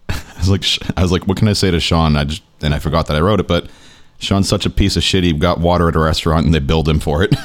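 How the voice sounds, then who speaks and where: Deep-voiced rambling podcast host. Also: male voice, steady tone, fast. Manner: rambling storyteller, many fillers and restarts. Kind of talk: casual chat.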